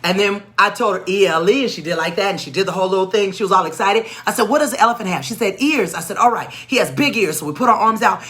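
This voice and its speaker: A woman educator telling a classroom story in an animated, expressive way, acting out the voices of the people in it. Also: mid-range voice. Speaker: educator and tutor. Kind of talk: storytelling teaching talk.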